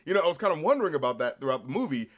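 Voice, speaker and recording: A man chatting casually as co-host of a film review, animated and quick to laugh, acting out lines from the film. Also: fairly high pitch, highs cut off.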